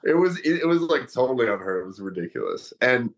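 A man's voice: medium pitch, sing-song, fast talker. A man in his thirties, a former wrestler and fighter, telling a long story casually with many fillers. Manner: rambling, lots of fillers, laughs through story.

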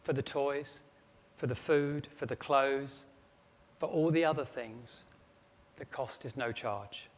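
A man speaking as a loving mother, soft, slow and heartfelt. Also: mid-range voice. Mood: tender. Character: tender loving mother answering her son. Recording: long echo of a large hall.

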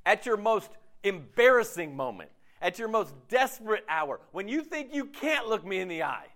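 A man preaching a casual, jokey sermon, acting out quotes with lively swings in his voice. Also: high voice, moderate pace. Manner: animated, jokey, acts out quotes. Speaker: pastor.

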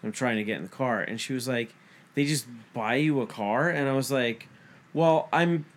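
A man's voice: medium pitch, moderate pace, a little hiss or hum. Profane storytelling man. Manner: profane, animated retelling with quoted dialogue. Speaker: podcast co-host. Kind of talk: casual storytelling chat.

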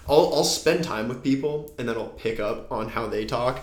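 A man co-hosting a podcast in casual chat, rambling and halting with lots of fillers and restarts. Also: mid-range voice, reverberant, slight background noise. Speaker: podcast co-host.

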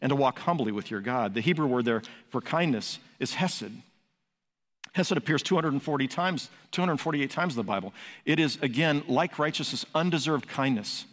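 A man's voice: medium pitch, lively intonation, normal speed. A man preaching a sermon as pastor, emphatic, building to raised peaks and asking rhetorical questions. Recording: long hall reverb.

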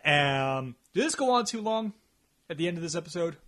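A man's voice: on the high side, lively intonation, brisk, fairly bright tone. A man co-hosting a casual review podcast, talking in long rambling stretches full of "like" fillers. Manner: rambling, heavy use of "like" fillers. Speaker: podcast co-host.

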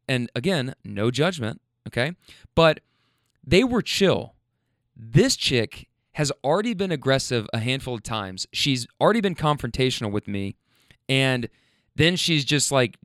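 A young man telling a rideshare story in a casual, animated way, swearing a lot and restarting his sentences. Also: fairly high pitch, dry recording, studio quality. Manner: animated, profane, rambling with restarts.

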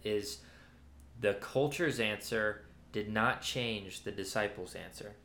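A man's voice: mid-range voice, a bit bright, a little hiss or hum. A man giving a casual Bible teaching, talking conversationally with many fillers and restarts. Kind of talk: casual sermon-style teaching. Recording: roomy echoey room.

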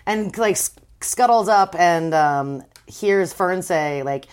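A woman's voice: fairly low pitch, slow, a little mellow. A woman co-hosting a casual book discussion, chatty and profane as she recaps the plot. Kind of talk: casual chat.

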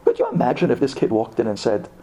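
A man giving a sermon in an animated storytelling manner, dropping to low asides and rising to high exclamations. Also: fast, a little hiss or hum. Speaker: rabbi giving a Torah talk.

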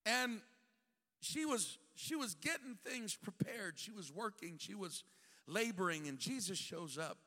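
A man's voice: high voice, lively intonation, a little slow, pushed and bright. A male bishop preaching a sermon, telling the story with humor and acting out the scenes. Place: church sanctuary. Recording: long church hall reverb.

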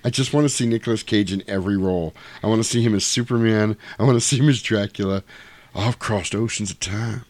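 A man's voice: on the low side, quick pace, hardly any pauses, a little mellow. A man co-hosting a casual podcast, cracking crude jokes and acting out movie scenes. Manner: crude, joking, acts out scenes. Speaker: podcast co-host. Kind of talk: casual chat.

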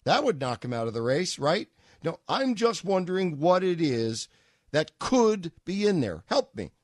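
A man's voice: on the high side, big pitch swings, a little slow, no room sound, studio quality. A man hosting a political talk radio show, speaking in a sarcastic, mocking way full of rhetorical questions. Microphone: studio microphone.

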